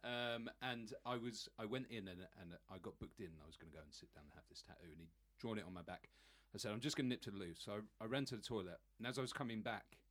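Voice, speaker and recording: A man with a low, husky voice tells a story on a podcast. He talks excitedly and stammers at times. The chat is casual and friendly. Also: fast, few pauses. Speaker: podcast guest.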